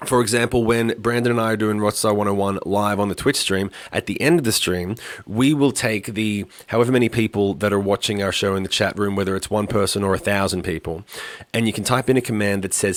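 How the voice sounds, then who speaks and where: Man, podcast host, low voice, dry close sound, rambling casual chat, swears a lot. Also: no echo. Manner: rambling, profane, animated storytelling.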